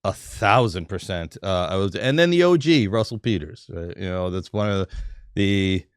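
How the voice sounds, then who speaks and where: Laid-back low-voiced comedian guest. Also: male voice, clear, resonant tone, dry recording, studio quality. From New York. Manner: relaxed, chatty, laughs often, quick restarts. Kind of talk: casual podcast interview.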